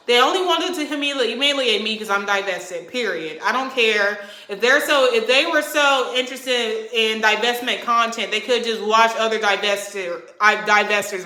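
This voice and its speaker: A young woman rants straight to camera, angry and swearing freely as she pushes each point hard. Her voice sits a little high and comes through bright and forceful. The room around her sounds echoey. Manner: heated, profane, emphatic. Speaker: vlogger. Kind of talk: angry venting rant to camera.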